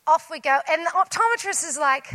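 A woman preaching a sermon, telling a personal story and acting out her own lines with lively voices. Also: extremely high pitch, brisk.

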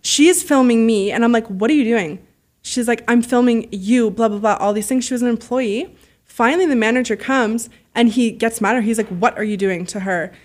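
A woman telling stories as a podcast guest, animated and freely swearing, acting out the voices of people she quotes. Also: on the high side, a little fast. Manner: heavy use of "like" fillers. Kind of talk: casual storytelling.

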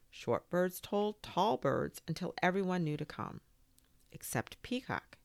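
Low gravelly woman reading a kids story, slow and lilting. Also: dry recording. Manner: gentle, expressive read-aloud. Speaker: storyteller and podcast host.

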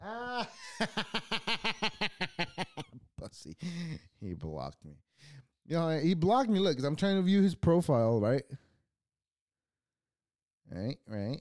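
A man's voice: a little high, huge pitch swings, slow, long pauses, no echo, clean studio sound. A young adult man hosting his own show, ranting casually with a lot of swearing and mocking laughter. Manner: profane, mocking, laughs often. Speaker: podcast host.

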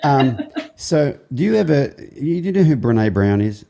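A man hosts a podcast, joking and giggling as he puts questions to his guest in a casual interview chat. His medium-pitched voice is warm and creaky, with a sing-song lilt and a moderate pace.

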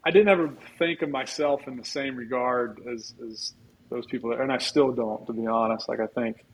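A middle-aged man with an ordinary mid-range voice, sitting in as a guest on a podcast. He tells long, rambling stories in a relaxed way, often restarting his sentences and adding humble asides. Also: mid-range voice, moderate pace, a little hiss or hum, rough recording. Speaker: guest, former football player. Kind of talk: casual storytelling in a podcast interview.

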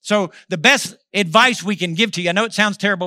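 Preacher guy, 50s, high bright voice, loud then hushed, dry close sound. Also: quick pace, hardly any pauses, no echo. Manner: storytelling, swings from loud to hushed. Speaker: pastor. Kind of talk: sermon.

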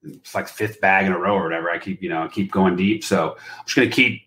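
A man's voice: low voice, steady tone, quick pace, fairly bright tone, roomy sound, a little hiss or hum. A man, a poker player, chatting casually and rambling with plenty of swearing and filler words. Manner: rambling, profane, lots of "like". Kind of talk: casual podcast chat.

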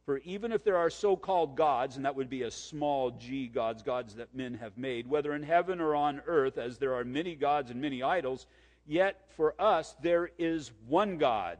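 A man preaching a sermon and reading scripture aloud, emphatic, repeating key points and slowing down for verses. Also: medium pitch, long reverb tail. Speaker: pastor.

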